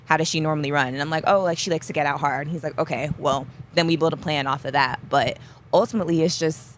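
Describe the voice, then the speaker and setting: A woman's voice: deep voice, quick pace, slight background noise. Laughing young woman telling a story. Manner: animated, acts out quoted dialogue, laughs often. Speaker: interview guest, athlete. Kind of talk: casual storytelling.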